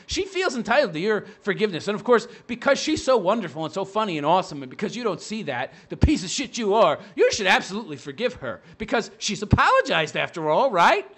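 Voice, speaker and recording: A man's voice: sits high, big pitch swings, fast talker, few pauses, fairly bright tone, husky. A man giving a profane, sarcastic rant as a commentary vlogger, mocking the person he is reacting to.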